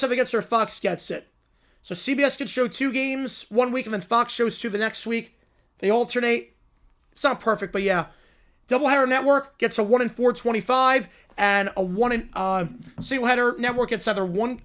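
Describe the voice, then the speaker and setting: Excitable high-voiced male streamer. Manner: excitable, exclamatory, answering chat. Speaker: livestream host reacting to college football. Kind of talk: live reaction commentary and chat.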